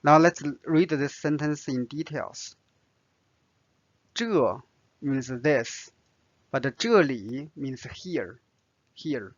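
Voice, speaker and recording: A man whose first language is Chinese, teaching a language lesson with slow, careful explanations and many fillers. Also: on the high side, animated, no room sound, lo-fi sound.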